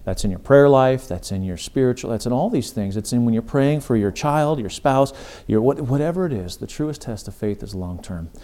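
A man's voice: mid-range voice, lively intonation, moderate pace, few pauses, warm tone. A middle-aged man hosting a faith podcast, delivering an earnest, emphatic sermon-style talk. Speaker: podcast host.

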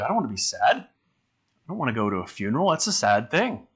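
With a fairly high, sing-song voice that's brisk, a bit bright and slightly rough, a man gives a sermon. He keeps it conversational and poses questions to the congregation.

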